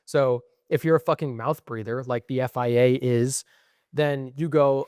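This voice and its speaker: A young man ranting in casual podcast chat, profane and frustrated, with a middle-pitched voice. The recording is dry and close, with no room echo. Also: moderate pace, darkish tone, clear, resonant tone. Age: young adult. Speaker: podcast co-host.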